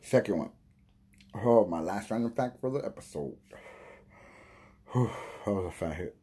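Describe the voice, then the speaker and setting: A man with a husky, breathy voice talks in a loose, rambling podcast monologue. He swears freely, loses his train of thought, and coughs while high from smoking. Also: animated, unhurried, dark tone. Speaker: podcast host. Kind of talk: casual stoned monologue.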